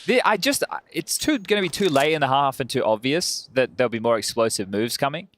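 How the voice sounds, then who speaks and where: A man with an Australian accent casting a competitive shooter match, quick and excitable between jokes with his co-hosts. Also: mid-range voice, slight background noise. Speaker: esports caster. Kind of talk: play-by-play commentary.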